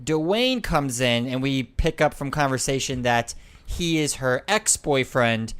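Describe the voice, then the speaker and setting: A man co-hosting a podcast in casual chat, relaxed, who talks in bursts with fillers. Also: mid-range voice, measured pace, clean tone. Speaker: podcast co-host.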